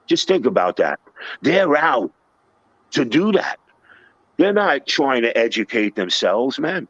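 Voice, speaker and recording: A man's voice: medium pitch, takes it slowly, no room sound. Blunt New man telling stories. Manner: blunt, animated, plays the people he quotes. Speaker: storyteller host. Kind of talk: casual storytelling. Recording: dry, dull lo-fi recording.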